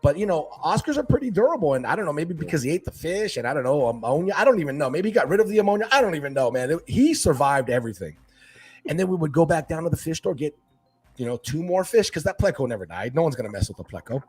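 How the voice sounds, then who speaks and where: Husky man telling animated stories. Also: mid-range voice, fast talker. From Hawaii. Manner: animated, acts out family quotes. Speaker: podcast guest. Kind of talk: casual storytelling chat.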